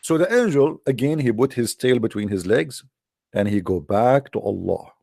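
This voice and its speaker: A man's voice: medium pitch, lively intonation, moderate pace, vocal fry, mellow, breathy edge, no room sound, studio quality. A man from the Middle East, telling a story in a sarcastic, mocking way. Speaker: religious debater. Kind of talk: polemical storytelling talk.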